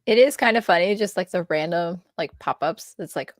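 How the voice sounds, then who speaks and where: A young woman guest on a casual livestream chat, giggly, with quick, lively reactions. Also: fairly low pitch, no echo, clean studio sound. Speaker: guest, friend of host.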